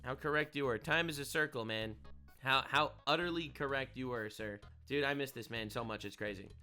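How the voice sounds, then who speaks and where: A man's voice: medium pitch, brisk, bright, forceful tone, faint music behind. A man giving casual reaction commentary, sarcastic and indignant, often repeating his phrases. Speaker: online commentator.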